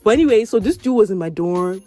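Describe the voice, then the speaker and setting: A young woman hosting a podcast, telling personal stories in a casual, animated way and acting out quoted lines with sudden jumps in pitch. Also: quick pace, soft background music. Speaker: podcast host. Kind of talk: casual storytelling.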